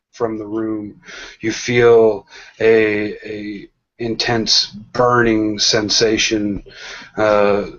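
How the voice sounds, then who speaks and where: A man narrating a tabletop role-playing game as game master, slow and hesitant, with many pauses and restarts. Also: on the low side, fairly bright tone. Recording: dull lo-fi sound.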